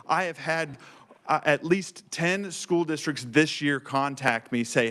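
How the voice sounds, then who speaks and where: In a state legislature committee room, a man testifies as a program director with earnest, emotional fervor. He speaks unhurriedly in a slightly high, somewhat bright voice.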